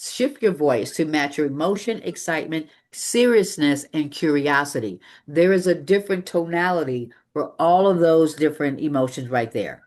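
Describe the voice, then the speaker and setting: A public speaking coach giving a live training presentation to an audience in a meeting room, talking energetically and emphatically with shifting pace. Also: medium pitch.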